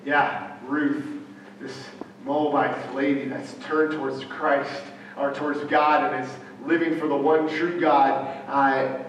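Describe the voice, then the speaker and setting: A man preaching a sermon, halting, with frequent fillers and restarts. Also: mid-range voice, little pitch movement. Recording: echoey hall from far off, faint ambient noise.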